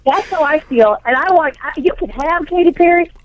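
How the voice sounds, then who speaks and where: A woman's voice: high-pitched, a little fast, lo-fi sound, a little hiss or hum. A woman comedian chatting as a guest on a radio show, teasing the host and ranting as she acts out quoted dialogue. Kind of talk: rapid comedic radio chat.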